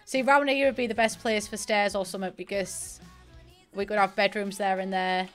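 A woman's voice: mid-range voice, steady tone, moderate pace. Young northeast english girl streaming, chatty rambly storyteller, bit of piano music in the back. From northeast England. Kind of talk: casual gaming stream chat. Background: faint piano music.

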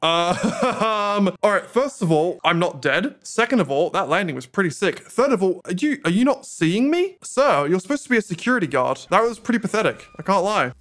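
A man's voice: high-pitched, big pitch swings, normal speed, hardly any pauses, fairly bright tone. A young man giving sarcastic gameplay commentary and talking back to game characters. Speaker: gaming YouTuber.

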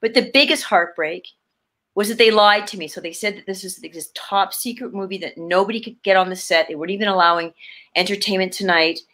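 A woman's voice: mid-range voice, a little fast. A woman in her fifties, a guest actor from Canada, telling stories in a casual interview over a video call, laughing often and restarting her sentences. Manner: animated, laughing, many restarts.

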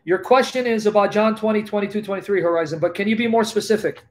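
High-voiced bible teacher guy on a video call, preachy, keeps repeating verses. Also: quick pace. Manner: emphatic, repetitive, reads scripture aloud. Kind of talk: preaching during a live Q&A.

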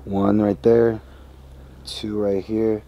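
Low-voiced man on a ghost hunt. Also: level tone, slow pace, creaky, dull audio. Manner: pointing things out in short bursts. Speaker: fellow paranormal investigator. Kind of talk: on-location commentary. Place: outdoors in a forest at night.

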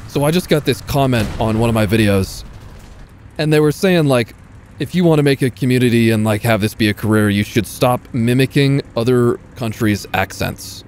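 A man giving casual commentary over his own gameplay, excitable, swearing freely and talking to enemy tanks. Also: medium pitch, normal speed, a little hiss or hum. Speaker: gaming YouTuber.

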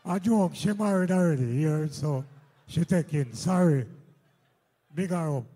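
A man's voice: a little high, a little slow, dark tone, faint music behind. A man with a Jamaican accent joking with a live crowd from the stage in loose patois. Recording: echoey live hall.

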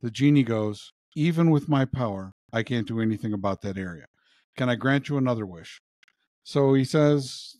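A man co-hosting a podcast, reading listener jokes aloud in a relaxed, chatty way. His voice is mid-pitched and sits on a dry, close microphone with no room sound. He bumps his pitch up for the characters in the jokes. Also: moderate pace, no room sound. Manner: retells jokes with playful pitch shifts for characters. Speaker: podcast co-host. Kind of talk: casual joke-telling chat.

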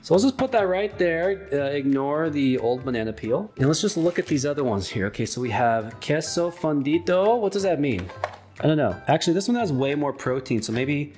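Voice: mid-range voice, big pitch swings, a little fast, a little mellow, faint music behind. A casual vlogger talking through a cooking video at home on a handheld camera, rambling and slipping into baby talk with a pet dog. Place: house, indoors.

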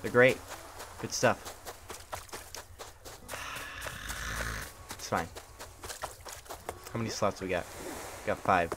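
This tired young streamer has a deep voice with vocal fry, speaking very slowly yet very animatedly, with long pauses. He grumbles through casual gameplay commentary in sarcastic mock indifference from a hot room at home, on a noisy stream recording.

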